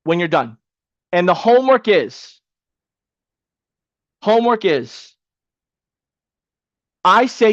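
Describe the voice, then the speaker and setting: A man with a high voice leads an online training with casual, energetic coaching and repeats points for emphasis. The sound is dry and a little dull, like a lo-fi webcam mic. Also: takes it slowly, long pauses, no room sound. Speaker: webinar coach.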